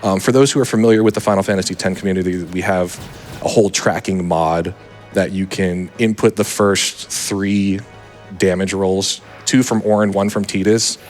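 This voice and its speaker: Male co-commentator with a lower voice, patiently explaining mechanics during a live run. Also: fairly even intonation, moderate pace, darkish tone, soft background music. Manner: explanatory, self-correcting. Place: charity marathon event stage.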